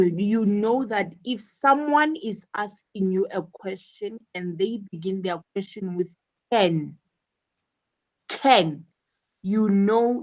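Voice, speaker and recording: A woman's voice: mid-range voice, lo-fi sound. A woman teaching an English lesson, explaining step by step and repeating words as she goes. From South Africa.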